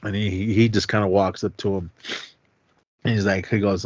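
A man's voice: lowish voice, little pitch movement, moderate pace, darkish tone, slightly rough, no room sound, muffled recording. A male podcast co-host casually recapping a movie in a rambling way, with lots of fillers, acting out the dialogue as he goes. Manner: rambling retelling full of fillers and acted-out dialogue.

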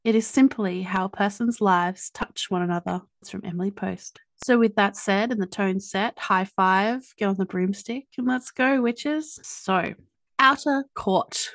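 A woman with an Australian accent hosting a podcast, chatty and quick to joke at her own expense. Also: medium pitch, a bit bright, dry recording. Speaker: podcast host. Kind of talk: casual podcast chat and scripted intro.

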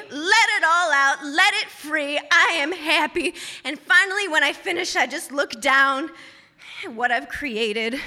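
A woman telling a funny personal story on stage in an animated, self-mocking way. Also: high-pitched. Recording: reverberant hall.

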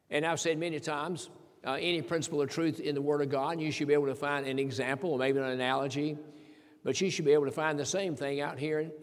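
Man preaching a sermon, slightly high voice, emphatic, rhetorical questions, long reverb in a church. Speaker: pastor. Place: church sanctuary.

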